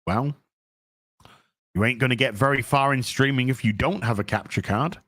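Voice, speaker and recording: A man hosting a casual livestream, reading viewer donations and answering them in an animated, profane and boastful way. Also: medium pitch, normal speed, no echo, studio quality. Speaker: streamer host.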